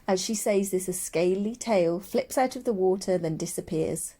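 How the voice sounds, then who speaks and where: A woman narrating a children's audiobook in a steady storytelling voice. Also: medium pitch, moderate pace, hardly any pauses.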